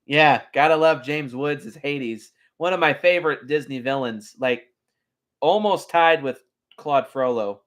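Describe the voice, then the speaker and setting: A man casually reviewing his favorite animated films, chatty and enthusiastic, with frequent ums. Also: on the high side, unhurried. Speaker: film reviewer. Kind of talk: casual video commentary.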